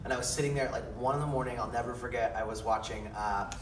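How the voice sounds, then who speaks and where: A man from the countryside, a convention panel guest, telling playful, animated stories and laughing through them. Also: mid-range voice, quick pace. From rural area. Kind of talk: animated storytelling at a fan panel. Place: large convention hall. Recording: echoey hall from far off, loud crowd noise.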